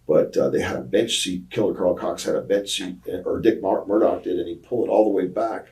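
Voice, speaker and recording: A man's voice: low voice, brisk, a little mellow, recorded from a distance, rough recording. An older man, a retired wrestler, telling rambling road stories in an interview, with plenty of ums and uhs as he acts out what others said. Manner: rambling anecdotes with many fillers, acting out quoted voices. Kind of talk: casual storytelling interview.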